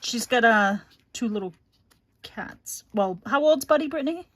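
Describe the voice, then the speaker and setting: A woman's voice: on the high side, lively intonation, unhurried. A middle-aged woman hosting a crafting livestream, chatting casually and fondly, calling viewers honey and rambling with many fillers.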